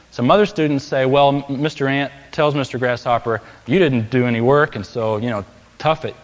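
A man's voice: medium pitch, brisk. Emphatic male preacher in a reverberant hall. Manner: emphatic, building to raised peaks on key phrases. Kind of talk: sermon.

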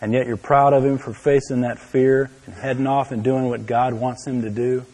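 A man's voice: medium pitch, steady tone, normal speed. Preacher man in a big reverberant hall. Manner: storytelling, swinging from hushed to exclaiming. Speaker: pastor. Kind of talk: sermon.

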